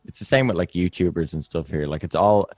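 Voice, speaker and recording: A man's voice: low-pitched, brisk, darkish tone, no echo. A young Irish man hosting a podcast in casual chat, easygoing and hesitant, often restarting his sentences. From Ireland. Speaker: podcast host.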